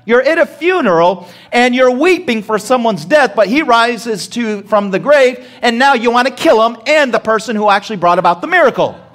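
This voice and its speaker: A man's voice: very high-pitched, lively intonation, normal speed, a bit bright. A male pastor preaching a sermon, asking the congregation rhetorical questions and acting out short dialogue scenes with humor.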